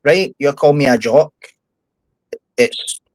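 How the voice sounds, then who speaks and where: A man's voice: mid-range voice, slow pace, no echo, low-quality recording. Middle-aged Scottish man, blunt, heated talker, dry close mic. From Scotland. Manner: blunt, sweary, heated storytelling. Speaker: podcast guest, former prisoner. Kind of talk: casual podcast chat.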